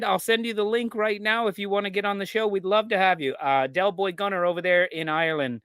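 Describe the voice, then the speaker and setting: Casting: American man as live-show host, a bit high-voiced, loose and chatty, dry close sound. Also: steady tone, a little fast, few pauses, a bit bright, clean tone, dry recording. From United States. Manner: laid-back, rambling, reads out viewer comments. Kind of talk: casual live-stream chat.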